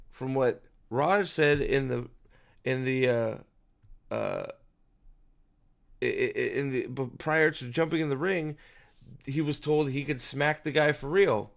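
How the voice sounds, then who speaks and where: A man's voice: on the high side, vocal fry. A man giving casual, profane video commentary as host, ranting in an exasperated way with frequent restarts.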